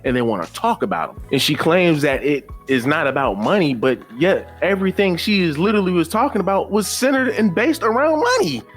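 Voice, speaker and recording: A man's voice: a little high, big pitch swings, a little fast, hardly any pauses, faint music behind. A man hosting a reaction commentary channel, lecturing emphatically and repeating his points. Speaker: commentary host.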